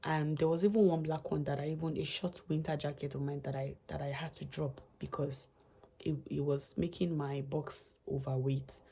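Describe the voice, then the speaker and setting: Speaking at a normal speed with a steady tone, a young female vlogger shares a travel story in casual storytelling fashion. Her low, husky voice carries a gravelly edge and warm darkness, and she rambles, loops back and starts over as feelings arise.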